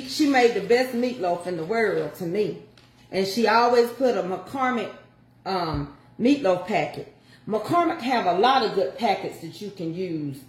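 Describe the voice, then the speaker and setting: Chatty older woman cooking in an echoey kitchen. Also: medium pitch. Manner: chatty, folksy, talks to viewers. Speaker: home cook showing a recipe. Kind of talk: casual cooking chat.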